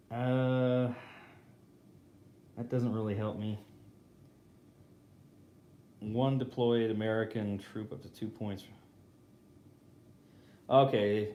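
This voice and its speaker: A man's voice: medium pitch, mellow. Man thinking aloud over a board game. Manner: thinks aloud, casual, self-correcting. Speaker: host. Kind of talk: live board game playthrough commentary. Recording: roomy echo.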